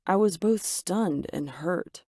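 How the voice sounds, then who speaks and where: A woman's voice: lowish voice, animated, slow, darkish tone, no room sound, clean studio sound. A woman telling a first-person story in a dramatic, emphatic way. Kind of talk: scripted first-person narration.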